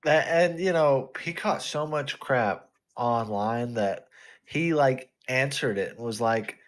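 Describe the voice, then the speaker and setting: Co-host, relaxed man, mid-pitched voice, quick agreements and short asides. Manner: laid-back, chimes in with short agreements. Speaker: podcast co-host. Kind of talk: casual wrestling chat.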